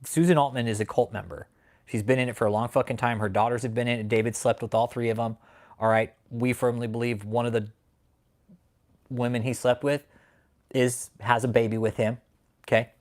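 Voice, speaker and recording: A man hosting a livestream who rants angrily with heavy swearing, swinging between loud outbursts and low grumbling while he reads out chat names. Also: flat delivery, a little fast. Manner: angry, profane ranting. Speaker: channel host. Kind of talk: livestream commentary, reading chat.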